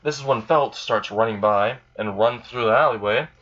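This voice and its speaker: A man's voice: mid-range voice, moderate pace, a bit bright, muffled recording. A man casually narrating an improvised fan story, rambling and filling gaps with "like" and "you know".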